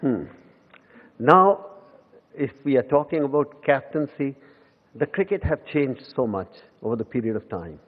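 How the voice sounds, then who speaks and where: A man's voice: medium pitch, animated, unhurried, long pauses. An Indian man in his fifties tells stories from a lectern in a big echoing hall. The sound is thin and tinny, as if heard over a phone line. He speaks with an Indian English accent, mocks himself cheerfully and mixes in Hindi phrases. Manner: anecdotal and self-mocking, slipping into Hindi. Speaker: guest lecturer. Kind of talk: humorous public lecture. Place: lecture hall.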